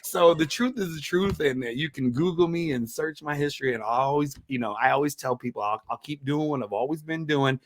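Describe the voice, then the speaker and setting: A man, a comedian guest on a podcast, telling family stories in a casual, animated way that slips into high-pitched impressions. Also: fairly quick, hardly any pauses, no echo. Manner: animated, jumps into high-pitched impressions, laughs at his own jokes.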